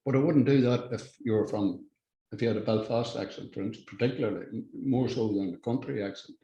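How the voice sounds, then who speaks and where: An older Irish man, a podcast guest, talking in a halting, blunt way with frequent restarts and swearing. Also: mid-range voice, mellow, echoey room, muffled recording. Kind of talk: casual conversational interview.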